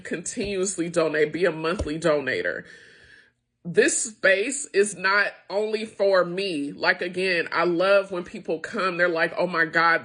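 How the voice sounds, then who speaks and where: A woman's voice: on the low side, fairly bright tone. A middle-aged woman who owns a small business, making an emotional, impassioned appeal to her viewers, frustrated and close to tears. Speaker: small business owner and founder. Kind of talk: emotional direct-to-camera appeal.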